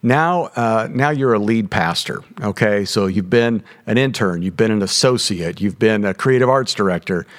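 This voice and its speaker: A man with a Southern drawl hosts a conversational interview. His voice is on the low side, and he warmly affirms his guest before asking his questions. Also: moderate pace, hardly any pauses. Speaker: podcast host.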